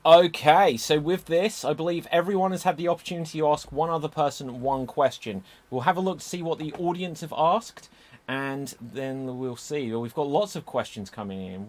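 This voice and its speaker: A man hosting an improvised murder-mystery show, reading audience questions in a brisk, self-mocking way. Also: on the high side. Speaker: show host.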